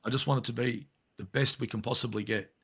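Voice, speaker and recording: A man's voice: medium pitch, fairly even intonation, quick pace, vocal fry, fairly bright tone, breathy edge. An Australian man, a football fan guest in a casual interview, ranting heatedly and swearing a lot.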